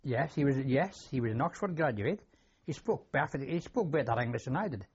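Older Scottish man, husky voice. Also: medium pitch, expressive, lo-fi sound. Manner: plain-spoken, repeats himself, halting restarts. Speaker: war veteran interviewee. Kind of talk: oral history interview.

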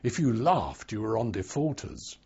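An older man recalling his past in an oral history interview, telling it in a slow, wry storytelling way. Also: on the low side, big pitch swings, gravelly, mellow, slightly rough, lo-fi sound.

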